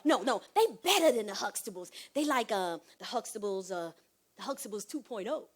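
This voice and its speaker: A woman's voice: on the high side, normal speed, breathy edge. A middle-aged woman telling sassy comic stories in a one-woman stage show, acting out the people in them. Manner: animated, sassy storytelling with mimicry. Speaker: comedic solo performer. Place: theater stage.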